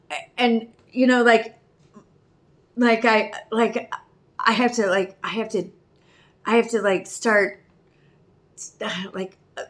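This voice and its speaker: Her voice leans high and a bit bright. In her fifties and in addiction recovery, she talks openly in a personal vlog, wandering through her thoughts, second-guessing herself and reaching for the right words.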